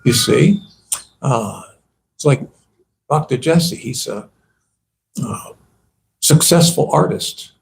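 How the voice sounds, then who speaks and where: Slow, gravelly monk giving a sermon. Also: male voice, medium pitch, animated, a little hiss or hum. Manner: conversational, asks the audience rhetorical questions. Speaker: monk giving a temple talk. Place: temple hall.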